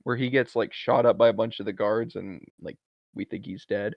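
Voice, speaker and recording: A man co-hosting a podcast, casually recapping a movie scene by scene with quick asides. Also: lowish voice, creaky, no echo. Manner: animated retelling, laughs often, quick asides. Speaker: podcast co-host. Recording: dry, dull lo-fi sound.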